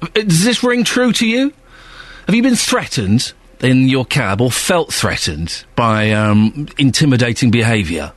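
A man hosting a radio phone-in in a playful, animated, jokey way. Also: mid-range voice, unhurried, no room sound.

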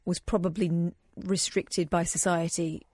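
A woman's voice: on the low side, level tone, normal speed, a little mellow, dry recording, clean studio sound. A woman from Manchester, co-hosting late-night talk radio, blunt and contrary in her banter. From Manchester, England. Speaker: radio co-host.

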